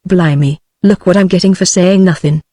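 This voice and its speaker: A woman's voice: lowish voice, normal speed, no echo, studio quality, close to an everyday voice. A British English female synthetic voice reading the lines of a truculent, voluble male petty thief in an audiobook. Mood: scornful. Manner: even synthetic speech reading all parts.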